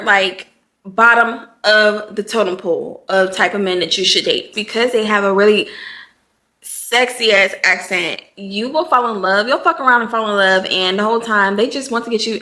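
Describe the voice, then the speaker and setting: A woman's voice: medium pitch, moderate pace, pushed and bright. A woman chatting casually to camera as a book vlogger, playful and talkative, calling listeners honey and baby.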